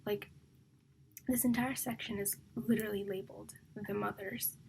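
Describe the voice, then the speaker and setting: A young woman on a reading vlog chats casually, rambling and emotional, often whispering and repeating "like" among many fillers. Her medium-pitched voice is steady, creaky, and darkish, at a moderate pace, with a little hiss or hum in the audio.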